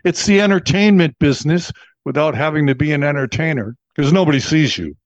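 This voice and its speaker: A man's voice: fairly high pitch, fairly quick, no room sound, lo-fi sound. Chatty American man in his seventies. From Texas, USA. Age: 70s. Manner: chatty, laughs often, acts out quoted voices. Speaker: radio disc jockey. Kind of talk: relaxed interview storytelling.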